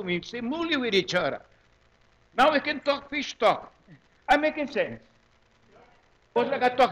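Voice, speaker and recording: Animated older man with a Hawaiian Pidgin accent. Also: sits high. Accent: Hawaiian Pidgin English. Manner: animated, joking, repeats words in bursts. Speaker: presenter at a community gathering. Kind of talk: lively public talk.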